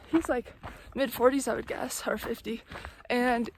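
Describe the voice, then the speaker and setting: Młoda kobieta z akcentem z Zachodniego Wybrzeża USA, nagrywająca na szlaku swobodnego vloga z wędrówki i opowiadająca gadatliwie, z mnóstwem wtrąceń „like”. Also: female voice, on the high side, takes it slowly, a little hiss or hum. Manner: chatty, many "like" fillers, exasperated storytelling. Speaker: thru-hiker vlogger. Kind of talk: casual vlog storytelling. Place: outdoors on a mountain trail.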